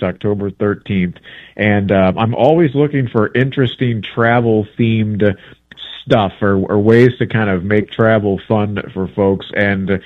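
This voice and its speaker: Calling in by phone over a tinny line, a travel book author with a lowish voice guests on a casual radio interview. The recording is dry, and he talks in a rambling, chatty way, correcting himself along the way.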